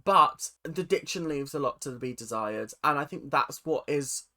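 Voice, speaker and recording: A man chats his way through a reaction video from his bedroom. His voice sits a little high and sounds bright and forceful, and he keeps the talk loose and animated with sudden squealing mimicry. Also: normal speed. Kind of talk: casual commentary.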